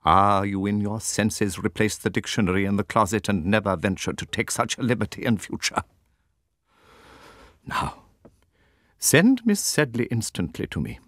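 The imperious old head of a girls' school, cold and formal, each word stately and clipped, as a man reads her in an audiobook. The voice sits low and rises and falls a great deal. The sound is dry and close. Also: lively intonation, normal speed, fairly bright tone, dry recording. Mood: icy. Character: stern, haughty elderly schoolmistress. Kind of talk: audiobook character voice.

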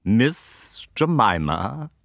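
A man's voice: mid-range voice, very animated, drawn-out words, vocal fry, a bit bright, no echo, clean studio sound, pitched above the performer's own voice, heavily acted. A man reading an audiobook, voicing a stern elderly schoolmistress who speaks in a cold, formal, imperious way. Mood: icy. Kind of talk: audiobook character voice.

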